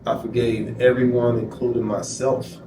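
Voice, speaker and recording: A man's voice: medium pitch, flat delivery, normal speed, distant mic. Interview guest, man, emphatic storyteller, heard from afar in a noisy, echoey room. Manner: emphatic, repeats phrases, quotes himself. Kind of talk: candid personal storytelling.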